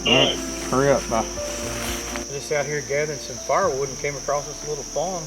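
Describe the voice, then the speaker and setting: A man's voice: medium pitch, a little fast, loud music behind the voice. A man, chatting casually to viewers while camping outdoors in the woods. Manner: folksy, chatty, talks to viewers as y'all. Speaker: outdoor vlogger. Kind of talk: casual camping vlog narration.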